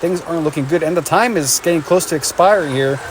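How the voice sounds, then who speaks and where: A male race commentator with a slightly higher-than-average voice, calling the action play by play. His delivery is energetic and excitable, and a faint hum of noise sits behind him. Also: fast.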